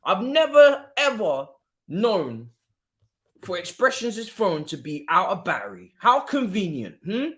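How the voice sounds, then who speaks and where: A man's voice: sits high, unhurried. A man, hosting a football watchalong stream and ranting to mock the rival fans. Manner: animated, mocking rival fans.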